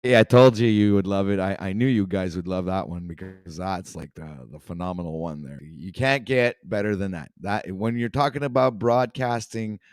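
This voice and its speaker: A man's voice: low voice, moderate pace, few pauses, darkish tone, clean tone, no room sound, clean studio sound. A man with a Canadian accent hosting a casual livestream talk show, rambling with many fillers and restarts.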